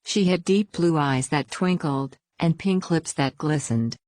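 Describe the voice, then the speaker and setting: Female story reader, very low voice, dry close sound, plain even first-person narration. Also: measured pace, dry recording.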